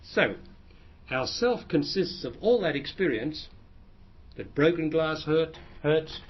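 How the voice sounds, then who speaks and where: A man's voice: a little high, lively intonation, slow pace. A man who is a spiritual teacher, answering audience questions in a plain, explanatory way and often restarting his phrases. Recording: dull lo-fi recording.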